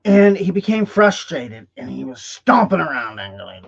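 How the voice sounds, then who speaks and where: A man's voice: on the high side, big pitch swings, moderate pace, gravelly, few pauses, breathy edge. A male host tells a folksy motivational story in a live stream, often checking in with "okay?", recorded in dull lo-fi livestream audio.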